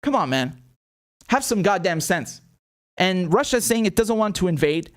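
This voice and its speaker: A man's voice: sits high, very animated. A man hosting his own political commentary show, talking casually but emphatically, with frequent fillers and asides. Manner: emphatic and indignant, rapid asides with many fillers.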